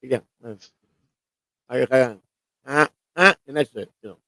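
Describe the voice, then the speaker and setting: A man's voice: medium pitch, measured pace, gravelly, pushed and bright, no room sound, poor audio. A man from Chicago co-hosting a casual live stream, rambling, repeating himself and trailing off. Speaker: co-host.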